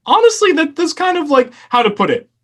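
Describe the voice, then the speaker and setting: A man's voice: very high voice, sing-song, brisk, fairly bright tone. A man co-hosting, trading sarcastic quips in casual banter.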